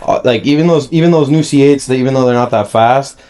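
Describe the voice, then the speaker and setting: Man, podcast guest, mid-pitch voice, easygoing, casual storytelling. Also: fast talker, warm tone. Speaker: guest, performance shop owner. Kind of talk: casual chat. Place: in a car garage.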